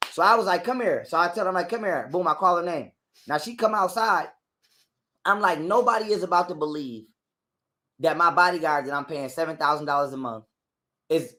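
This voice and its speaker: A man, an interview guest, telling a long story in a casual, profane way and acting out both sides of an argument. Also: sits high. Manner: animated, profane, acts out both sides of a quarrel.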